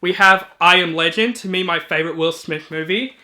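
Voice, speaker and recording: A man with a high, bright and forward voice walks through his movie shelf in a casual video. He is chatty and eager, dropping ums and quick asides between titles. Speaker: movie reviewer. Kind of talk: casual collection walkthrough.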